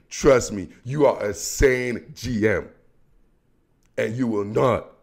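A man with a fairly high voice delivers a heated football rant straight to his viewers. He talks in loose street slang and keeps swinging between calm stretches and sudden bursts of passion. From Washington DC area. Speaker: sports commentary host. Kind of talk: emotional sports rant.

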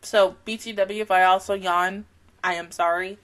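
A woman's voice: medium pitch, fairly even intonation, normal speed, fairly bright tone. Young woman host, worn out and sleepy, loose rambling reaction-vlog delivery. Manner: rambling, laughs often, casual slang and swearing. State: very tired and sleepy. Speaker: anime reaction channel host. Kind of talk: casual reaction vlog chat.

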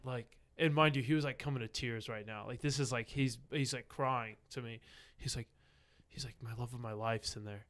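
A young man hosting a podcast, telling a story in a casual, animated way, often laughing and saying "like". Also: medium pitch, normal speed. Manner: animated, laughing, heavy use of "like". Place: podcast studio.

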